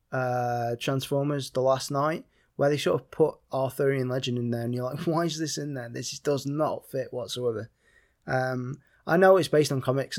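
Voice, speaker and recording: A man from Britain giving a casual, rambling spoken film review, with many fillers and restarts. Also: mid-range voice.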